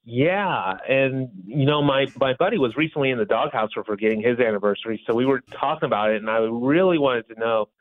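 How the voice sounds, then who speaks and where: A man calling into a radio show and telling his story in an animated way, over a phone line. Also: medium pitch, brisk, few pauses. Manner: animated storyteller, stumbling restarts. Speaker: caller. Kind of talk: phone-in conversation.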